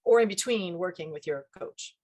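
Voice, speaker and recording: A woman dialect coach talking casually in an interview, animated and acting out little quoted voices as she explains. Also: on the low side, normal speed. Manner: animated, acts out quoted voices, laughs often.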